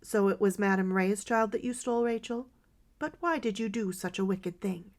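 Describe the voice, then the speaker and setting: A woman's voice: medium pitch, normal speed, darkish tone, close to an everyday voice. A woman voicing a devout, kindly woman who prays with a dying lodger and then urges her to tell the truth. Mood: urgent. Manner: soothing, earnest, then curious. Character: pious, kindly older woman keeping a boarding house.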